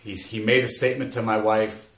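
Grieving father in his fifties, fighting tears, deep voice, halting delivery, echoey room. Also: level tone, fairly bright tone. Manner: halting, rambling with restarts. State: struggling to hold back emotion. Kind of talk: personal testimony. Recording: roomy echo.

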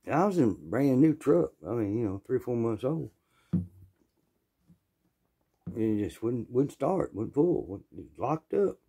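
A man with a Southern US accent telling a rambling work story in a folksy, plainspoken way, often clearing his throat. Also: medium pitch, mellow. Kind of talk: casual storytelling.

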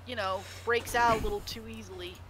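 A woman hosting a casual stream chat, animated and giggly, quick to joke. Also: mid-range voice. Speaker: stream host. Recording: noisy background.

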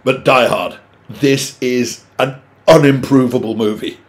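A middle-aged man, talking to camera in an exasperated, sweary rant with sudden loud outbursts. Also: medium pitch, steady tone, measured pace. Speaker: vlogger. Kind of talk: opinionated monologue to camera.

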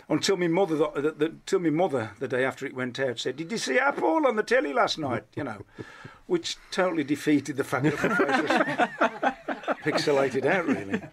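A middle-aged man with a Black Country accent, a comedian chatting as a radio guest, telling rambling, self-deprecating stories full of restarts. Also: mid-range voice. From Black Country, England. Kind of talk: casual interview chat.

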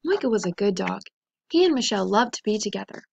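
A woman teacher reading a picture book aloud to children in a gentle, expressive storytelling voice. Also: mid-range voice, quick pace, vocal fry, background noise.

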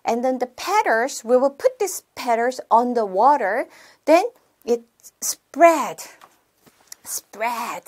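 A young woman teaching a sample lesson in English, repeating words slowly for children. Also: on the high side. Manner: slow, sing-song classroom talk with repeated words. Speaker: teacher demonstrating a class.

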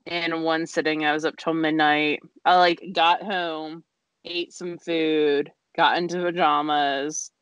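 A woman's voice: low voice, little pitch movement, slow, a bit bright, smooth, no echo. A woman co-hosting a craft podcast, chatting casually with lots of laughs and fillers. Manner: giggly, rambling with many fillers. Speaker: podcast co-host. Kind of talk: casual chat.

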